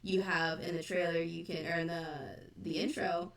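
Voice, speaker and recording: A woman with a gravelly, low voice co-hosting a fan discussion. She speaks earnestly and in measured phrases, in a roomy echo. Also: flat delivery, distant mic. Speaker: podcast co-host.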